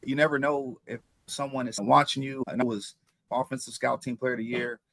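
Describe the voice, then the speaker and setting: A man in his fifties from Ohio, a former pro football player recounting his journey as an interview guest, with animated telling and frequent repeated words. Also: mid-range voice, brisk, dry recording. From Ohio, USA. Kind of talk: interview storytelling.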